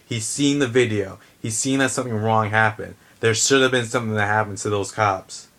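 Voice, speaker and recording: A man's voice: mid-range voice, pushed and bright. A man giving a heated, blunt opinion rant to camera, swearing and restarting his sentences. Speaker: vlogger.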